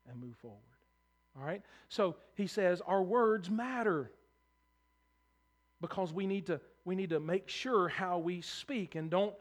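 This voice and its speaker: A man preaching a sermon as pastor, earnest, often repeating words as he starts a phrase, moving between soft passages and raised, emphatic ones. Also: sits high.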